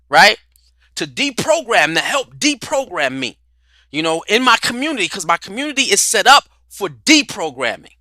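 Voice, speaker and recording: Man, talk-show host, preacherly, bright voice, dry close mic, a bit high-pitched. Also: dry recording. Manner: preacherly, rhetorical questions, repeats words, swings from loud to quiet. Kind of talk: livestream talk on spirituality and culture.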